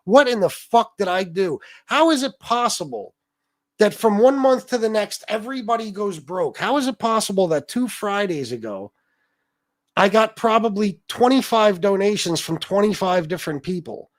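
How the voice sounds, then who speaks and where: A man's voice: high voice, lively intonation, moderate pace, no room sound, clean studio sound. A man hosting a livestream, ranting profanely and aggrieved at his viewers. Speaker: livestream host.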